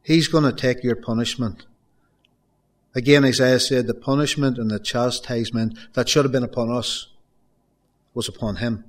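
A man's voice: mid-range voice, steady tone, normal speed, long pauses. A middle-aged man preaching a sermon, telling a story and repeating phrases for emphasis. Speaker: pastor.

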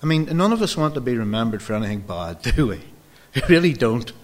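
A preacher in his fifties, speaking at an everyday middle pitch. He tells personal stories from the pulpit and acts out the back-and-forth dialogue, often turning to speak straight to the congregation. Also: very animated, quick pace. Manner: storytelling, acts out dialogue, addresses the folks directly.

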